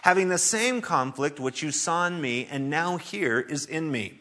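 A man preaches to his congregation with a bright, forceful tone. His voice sits a little high for a man. He tells stories and laughs often as he talks. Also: animated, normal speed. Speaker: pastor. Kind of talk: sermon.

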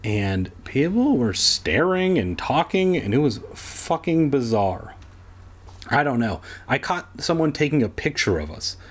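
A man's voice: mid-range voice, big pitch swings, measured pace. A man reading a children's book aloud as a comedy bit, putting on voices for the characters and breaking off into sarcastic, swearing asides. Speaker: podcast host reading a kids' book aloud. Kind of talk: comedic read-along with rambling asides.

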